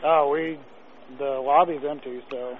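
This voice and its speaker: A sandwich shop worker answering a call, confused and getting curt. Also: male voice, fairly high pitch, fairly even intonation, unhurried, a crowd in the background. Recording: tinny phone line.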